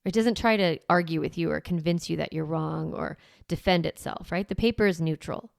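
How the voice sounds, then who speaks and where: Female podcast host, instructional and direct, light vocal fry, dry close sound. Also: low voice, a little fast, no room sound. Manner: direct coaching, frequent "okay?" and "right?" check-ins; walks through step-by-step scripts.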